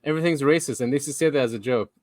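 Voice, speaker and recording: A man co-hosting a podcast in a casual, animated way, laughing often and restarting his sentences. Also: mid-range voice, racing, no echo. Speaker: podcast co-host.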